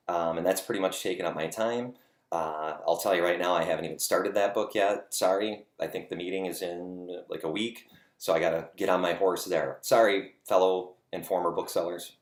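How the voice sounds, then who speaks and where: Home vlog host, male, deep voice, loose and self-deprecating, roomy echo. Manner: rambling, self-deprecating, lots of "uh" fillers. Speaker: host of a home video series. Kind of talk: casual chat to camera. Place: dining nook at home.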